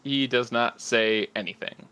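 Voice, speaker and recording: A man narrating as game master in a tabletop game, halting with frequent fillers. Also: medium pitch, pushed and bright, clean tone.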